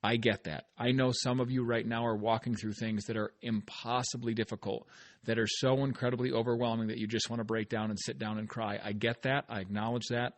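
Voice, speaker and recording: A man's voice: medium pitch, no room sound. A middle-aged man hosting a solo motivational podcast, talking in an earnest, encouraging way and repeating phrases for emphasis. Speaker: podcast host.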